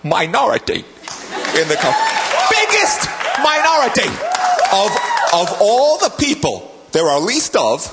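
A male stand-up comedian from New York, working the room with showy, shouted crowd-work. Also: high voice, wildly swooping pitch, unhurried, pauses often. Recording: live club with loud crowd and noise.

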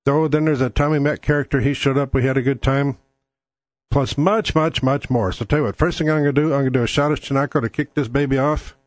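A man's voice: medium pitch, fairly even intonation, quick pace, dry recording. A man hosting his own talk show, talking bluntly and combatively with plenty of swearing. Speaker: podcast host. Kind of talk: casual political talk.

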